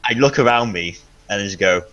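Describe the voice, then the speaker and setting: A man's voice: lowish voice, normal speed, fairly bright tone, dull audio. A man playing a tabletop game, laid-back and a little hesitant. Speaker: player. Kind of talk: in-character tabletop play.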